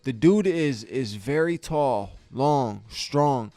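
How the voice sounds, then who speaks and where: Animated yet taking his time, a man with a dark, medium-pitched voice hosts a podcast from a studio, casually reviewing a fight. He's exasperated and profane, stammering and restarting lines, over a dry recording with faint music behind him.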